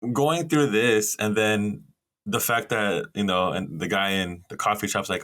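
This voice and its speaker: Podcast co-host, male, lower pitch; measured, builds his points one at a time, lots of "you know". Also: a bit bright. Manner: measured, lays out ideas step by step with fillers. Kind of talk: casual chat, reacting to a trailer.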